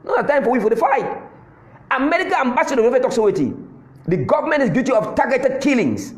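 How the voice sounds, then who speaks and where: A man's voice: extremely high pitch, big pitch swings, fast talker, roomy sound. Fiery Cameroonian Pidgin-speaking man. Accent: Cameroonian Pidgin English. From Southern Cameroon. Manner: fiery, rhetorical, repeats his points. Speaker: political commentator. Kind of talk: impassioned political address.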